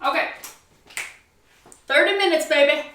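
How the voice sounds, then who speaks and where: Woman, cooking vlog host, gushing, sing-song, high voice, home kitchen. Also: measured pace, bright, forceful tone, roomy sound.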